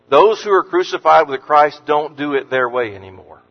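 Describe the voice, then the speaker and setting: A man preaching an earnest sermon as pastor, lifting his voice on scripture quotes and dropping low and soft on words of comfort. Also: animated, normal speed, creaky. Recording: muffled sound with long hall reverb.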